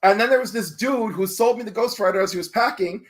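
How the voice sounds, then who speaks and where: A man guest in a casual chat, telling jokey stories in an animated way. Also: high voice, quick pace.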